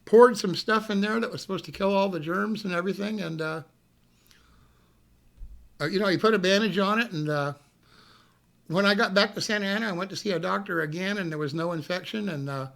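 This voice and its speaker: A man telling a story casually on a live stream, animated, swearing freely and laughing as he goes. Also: high voice, a little fast, gravelly.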